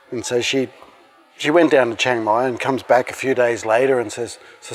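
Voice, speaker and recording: A man telling stories of his past in a relaxed, conversational way. His voice sits at an ordinary middle pitch, and he grows animated as he acts out the voices of the people in his account. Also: fairly quick. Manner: animated, acts out dialogue in the retelling. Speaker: interviewee recounting past events. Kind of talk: casual storytelling.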